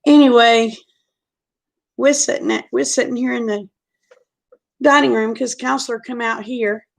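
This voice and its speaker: A middle-aged woman spins a long personal story, chatty and frank. Her voice sits a bit high and has a gravelly edge to it. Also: fairly even intonation, moderate pace. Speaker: vlogger. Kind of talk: casual storytelling.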